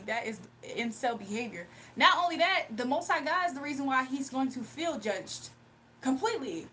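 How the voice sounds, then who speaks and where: A woman with a high, bright voice rants on a casual livestream. She sounds indignant and emphatic, breaking into laughs as she makes her points. A faint hum sits behind her. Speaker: live streamer and spiritual reader.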